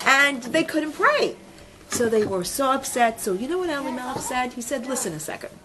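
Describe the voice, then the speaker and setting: A woman teaching a women's religious class, telling a story in an animated, chatty way with many fillers. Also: high voice, normal speed, background noise. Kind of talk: storytelling lesson.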